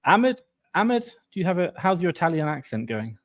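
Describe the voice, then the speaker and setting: A man co-hosting a casual live stream over a video call, chatty and upbeat with quick asides. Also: sits high, sing-song, a bit bright.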